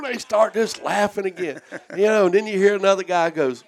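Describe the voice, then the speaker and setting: A man with a drawl tells a long boat story in easy casual chat. His voice sits a little high, and he slips into the voices of the people in his tale. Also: brisk. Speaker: former charter boat captain. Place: outdoor deck.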